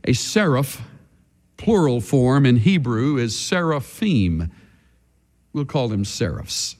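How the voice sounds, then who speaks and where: A male pastor preaching a sermon dramatically, swinging from hushed asides to shouting. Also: medium pitch, big pitch swings, takes it slowly, in a large hall.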